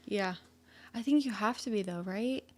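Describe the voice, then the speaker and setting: A woman's voice: medium pitch, moderate pace, darkish tone. A woman in her thirties, a podcast guest, talking candidly and reflectively in casual chat, with lots of fillers.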